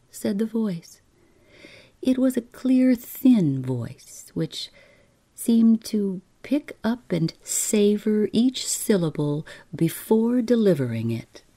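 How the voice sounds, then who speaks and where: A woman reading a relaxing bedtime story aloud in a soft, unhurried, soothing way. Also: fairly low pitch.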